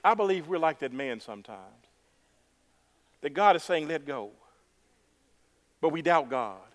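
High-voiced, emphatic preaching man. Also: animated, normal speed. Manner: emphatic, repetitive, builds to shouting. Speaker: pastor. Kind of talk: sermon.

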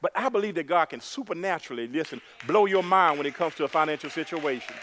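High-voiced, emphatic preaching man. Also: animated, quick pace, a little hiss or hum. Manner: emphatic, repetitive, builds to shouting. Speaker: pastor. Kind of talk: sermon.

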